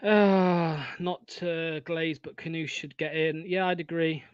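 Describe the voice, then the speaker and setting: A young man hosting a live football watchalong, swearing often and swinging from excited shouting to deflated muttering. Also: fairly high pitch, takes it slowly, clean tone, dry recording, lo-fi sound. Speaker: fan watchalong host.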